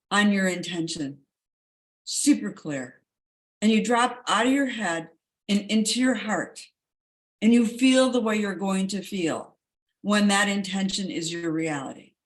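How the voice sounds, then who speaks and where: Coach lady, emphatic, keeps repeating words like super super clear, average pitch. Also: lively intonation, takes it slowly. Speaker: wellness coach. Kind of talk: enthusiastic wellness talk.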